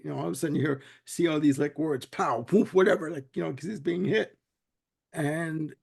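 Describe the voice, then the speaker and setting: Brief: creaky-voiced male host, a bit high, rambling animated retelling. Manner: rambling, animated, lots of fillers. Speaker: podcast host. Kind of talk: casual chat, retelling a cartoon.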